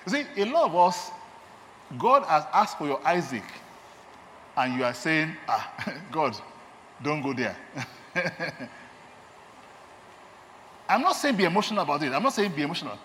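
In a hall with long reverb and faint ambience, a Nigerian-accented man who works as a doctor and lay preacher gives an emphatic sermon, repeating key phrases. He sounds on the high side and very animated, speaking at a moderate pace with long pauses. The tone is a bit bright, with slight background noise.

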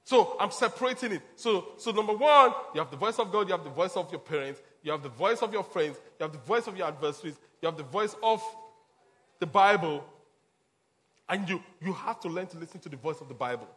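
A man's voice: high-pitched, expressive, fairly quick, pushed and bright. A man preaching a sermon as a pastor, repeating his points emphatically and chuckling between them.

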